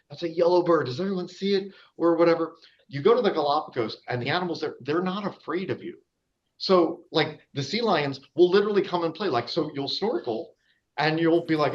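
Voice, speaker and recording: A man giving an informal public lecture about wildlife, chatty and often checking in with his audience. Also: fairly high pitch. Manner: chatty, checks in with the audience using "all right?"; frequent fillers and restarts. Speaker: lecturer and nature guide. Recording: dull lo-fi recording.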